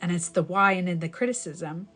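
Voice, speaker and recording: A woman's voice: lowish voice, brisk, fairly bright tone. A young adult woman, a life coach, giving advice in a live stream. She talks candidly and emphatically, swears casually and corrects herself mid-sentence as she rambles.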